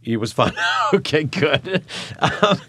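A man hosting an audio interview, halting and repeating his words, and laughing often. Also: a little high, animated, fairly bright tone, dry recording. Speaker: host.

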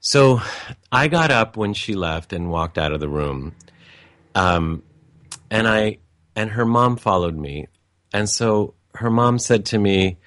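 A man's voice: on the low side, animated, takes it slowly, fairly bright tone, no room sound, clean studio sound. A man telling a personal family story in a reflective, meandering way, with frequent restarts and asides.

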